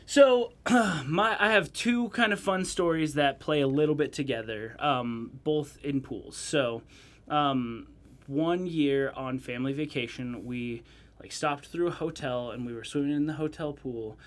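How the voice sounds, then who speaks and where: A young man co-hosting a casual podcast, an animated storyteller who laughs at his own stories. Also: a little high, a little slow. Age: young adult. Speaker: podcast co-host. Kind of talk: casual chat.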